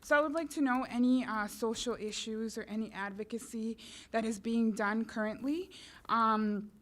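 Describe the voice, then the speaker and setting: A woman's voice: a little high, steady tone, moderate pace, a bit bright. Hesitant young woman student at public comment. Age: young adult. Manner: hesitant, many fillers. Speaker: college student and intern. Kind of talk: public comment at a council meeting.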